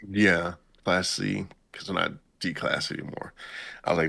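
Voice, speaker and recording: Deep gravelly man recapping anime. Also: fairly even intonation, moderate pace, pushed and bright. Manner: laid-back, slangy, acts out the characters' lines. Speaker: podcast host recapping an anime episode. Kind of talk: casual chat.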